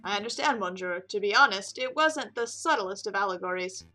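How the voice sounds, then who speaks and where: A woman's voice: medium pitch, lively intonation, brisk, sharp tone, soft background music. A woman voicing a suave man who poses as a prince, telling his story in a theatrical way. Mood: storytelling. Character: suave male French con artist prince.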